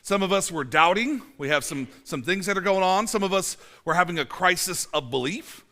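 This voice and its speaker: A high-pitched man in his forties, quick-paced with a sharp tone and lively intonation, preaches a relaxed, conversational sermon in a church. He chats along with plenty of fillers and restarts, adding dry asides that mock himself.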